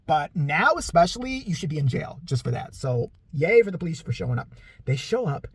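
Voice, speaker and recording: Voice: medium pitch, very animated, fairly quick, husky, dry recording. A vlogger ranting bluntly in commentary, swearing often and sarcastic throughout.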